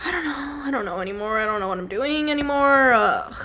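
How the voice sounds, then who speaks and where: A young woman draws on stream while chatting casually, rambling, apologizing and putting herself down, and dropping into silly voices. She talks fast in a high, expressive voice that's pushed and bright, over a little hiss or hum.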